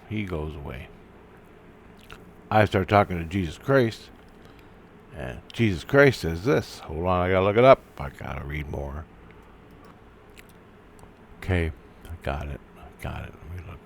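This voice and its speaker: A low-pitched man recounting a story in a loose, profane monologue. He stops and restarts his sentences often, with a faint hiss of background noise behind him. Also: unhurried, long pauses. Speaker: vlogger.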